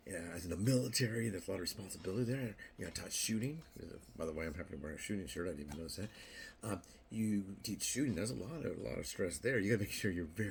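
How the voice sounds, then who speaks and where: A man's voice: deep voice, creaky, a little hiss or hum. An older man talking casually to camera as a vlogger, rambling and repeating himself, playfully acting out little quoted voices. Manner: rambling, repeats words and restarts often. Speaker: YouTube vlogger.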